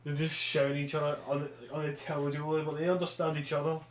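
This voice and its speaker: A man's voice: a little high, little pitch movement, quick pace. A man co-hosting a podcast, chatting in a laid-back way with short replies. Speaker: podcast co-host. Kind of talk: casual chat. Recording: roomy echo with faint noise.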